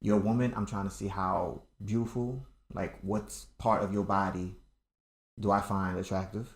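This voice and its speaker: A man thinks out loud in a loose conversation, circling back on his words as he lays out his views. His voice sits low. The room is echoey. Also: fairly even intonation, moderate pace. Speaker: podcast co-host. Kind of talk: casual chat.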